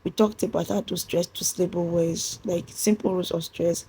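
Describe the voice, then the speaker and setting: A woman's voice: on the low side, fairly even intonation, normal speed, dark tone, a little hiss or hum. A woman with a Nigerian English accent giving an English pronunciation lesson, methodically spelling out letters and repeating key points. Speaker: English teacher. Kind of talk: classroom-style pronunciation lesson.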